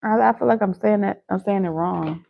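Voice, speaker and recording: A woman's voice: mid-range voice, a little fast, gravelly. A woman chatting casually and teasingly with viewers on a live stream, laughing easily. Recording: phone-like lo-fi audio.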